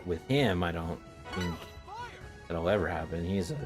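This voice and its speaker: A young man streamer in casual chat, rambling and excitable, laughing often. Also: deep voice, normal speed. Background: music.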